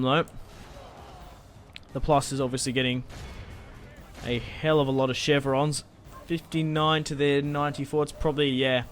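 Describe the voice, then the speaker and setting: A gaming channel host talks casually through a strategy game he's playing, thinking aloud and swearing when things go wrong. His voice is smooth and on the high side.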